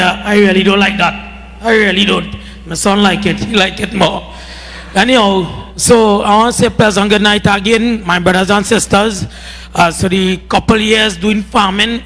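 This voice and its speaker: A man's voice: high voice, a bit bright. A man with a Trinidadian accent, a farmer giving a heated speech at a community meeting and repeating "boy" often. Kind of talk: impassioned public address. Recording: reverberant hall.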